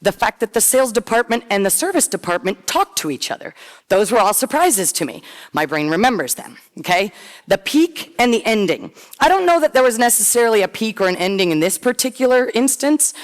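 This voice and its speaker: A middle-aged woman giving a conference talk, telling a story in a chatty, animated way and acting out what others said. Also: medium pitch. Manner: chatty, animated, acts out quoted voices. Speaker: conference presenter. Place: large conference hall. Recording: long hall reverb.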